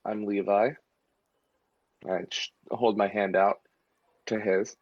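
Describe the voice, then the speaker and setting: Player, male, slow gravelly delivery, distant dull lo-fi mic with faint hiss. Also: fairly low pitch, flat delivery, darkish tone, no room sound. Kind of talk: in-character roleplay.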